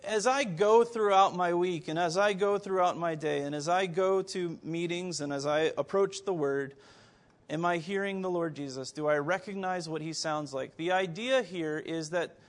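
A man's voice: high-pitched, normal speed. A man preaching a sermon, firing rhetorical questions at his listeners with occasional stammered restarts. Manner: animated, rhetorical questions to the congregation.

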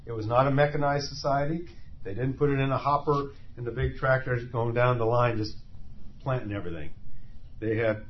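A man's voice: medium pitch, moderate pace. A man preaching a sermon, passionate and emphatic, asking his listeners questions as he teaches. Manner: impassioned, rises to loud emphatic cries; asks the listeners rhetorical questions. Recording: slightly dull lo-fi sound with faint noise.

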